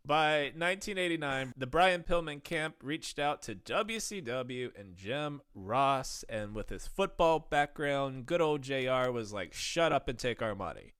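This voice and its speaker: A man's voice: medium pitch, animated, measured pace, hardly any pauses, a bit bright, clean tone, no room sound, studio quality. A man co-hosting a wrestling podcast, reading history notes in a laid-back, chuckling way.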